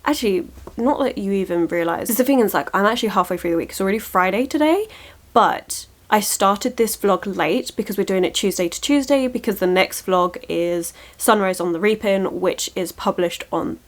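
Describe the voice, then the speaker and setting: A young woman talks through her week's reading in a relaxed, chatty vlog voice. She is openly enthusiastic, breaks into laughs easily, and keeps the tone light and conversational. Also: medium pitch, normal speed. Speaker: book vlogger. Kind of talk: casual reading vlog chat.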